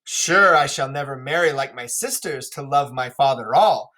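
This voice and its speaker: An honest young princess speaks in a measured, earnest way, read in a man's own voice during a class reading. The tone is bright and keeps to a mid pitch, with little put on. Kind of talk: classroom play read-aloud.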